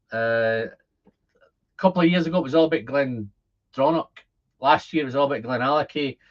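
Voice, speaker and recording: Chatty Scottish man, dull lo-fi audio. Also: on the high side. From Scotland. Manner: chatty, rambling, repeats words when thinking. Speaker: whisky livestream host. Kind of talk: casual livestream chat reading comments.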